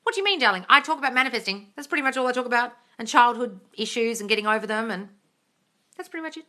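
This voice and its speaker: Bright, animated woman hosting a live Q&A. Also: a little high, racing. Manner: swears freely, calls viewers darling; gushing bursts of excitement. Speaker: manifesting coach hosting a live Q&A. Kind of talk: casual live-stream chat, reading viewer comments.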